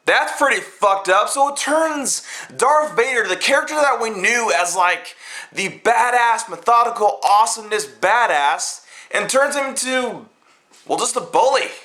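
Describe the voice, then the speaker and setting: A man giving a casual, rambling film review, profane and excitable, full of fillers. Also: very high voice.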